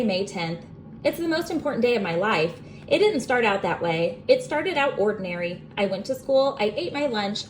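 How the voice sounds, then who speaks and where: A woman's voice: a little high, slight background noise. Young woman reading a bedtime story. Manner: expressive, animated storytelling. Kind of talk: bedtime story read-aloud.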